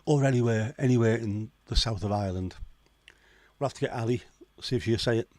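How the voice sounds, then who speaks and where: A man's voice: medium pitch, a little fast, a little mellow, dry recording. Sweary, joking man hosting a livestream. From Liverpool, England. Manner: sweary, joking, chatty asides. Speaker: livestream host. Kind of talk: casual chat.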